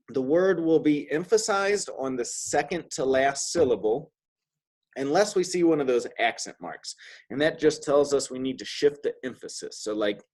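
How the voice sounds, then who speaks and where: A man teaching an online Spanish class in a casual, upbeat way, drilling words for his student to repeat. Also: on the high side. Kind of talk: online language lesson. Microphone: video call.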